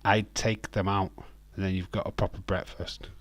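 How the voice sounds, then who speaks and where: A man's voice: low-pitched, little pitch movement, normal speed, a little hiss or hum. A British man hosting a livestream, answering his chat in a joking, ranting back-and-forth with laughs. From United Kingdom. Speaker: livestream host. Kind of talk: casual chat answering live chat.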